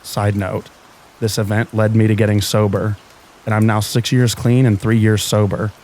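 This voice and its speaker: A man narrating true scary stories in a calm, even reading meant to help listeners fall asleep. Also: fairly low pitch, moderate pace.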